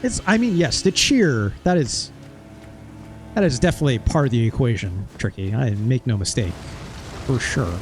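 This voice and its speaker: A man's voice: medium pitch, lively intonation, normal speed, over music. A male streamer in casual gameplay commentary. He chats while he plays and mutters mild curses when things go wrong.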